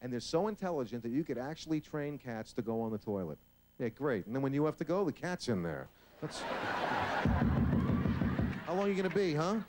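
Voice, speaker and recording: A man's voice: medium pitch, sing-song, a little fast. A male stand-up comedian on stage before a live audience, talking brashly and profanely and acting out voices. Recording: hissy old VHS tape recording.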